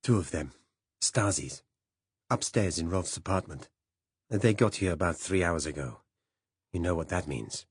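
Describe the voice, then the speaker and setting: A man voicing a grim, cautious German ally who speaks in hushed tones. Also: low voice, expressive, measured pace, pauses often, husky, no echo, studio quality, exaggerated voice. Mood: tense. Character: grim, cautious male German contact, whispering.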